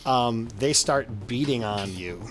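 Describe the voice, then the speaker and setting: A man's voice: medium pitch, takes it slowly, slight background noise. A man running a tabletop game as game master, loose and chatty with lots of fillers. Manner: loose and chatty, many fillers, laughs often.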